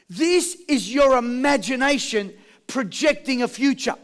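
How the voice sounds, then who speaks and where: A man giving a live motivational seminar, drawing call and response from his audience and telling jokey stories. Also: very high-pitched. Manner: energetic call-and-response with the crowd; jokey storytelling. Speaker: motivational speaker.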